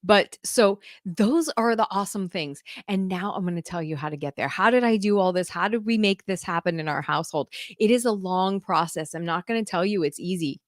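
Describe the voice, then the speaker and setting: A woman's voice: fairly low pitch, fairly quick, few pauses, dry recording, clean studio sound. Gushing woman homeschool mentor. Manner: gushing, effusive, laughs often. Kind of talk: casual talk to camera.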